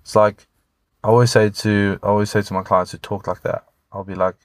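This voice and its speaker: A man's voice: fairly low pitch, flat delivery, brisk, no echo. A man, a fitness coach, talking earnestly and motivationally as a podcast guest, with some casual swearing.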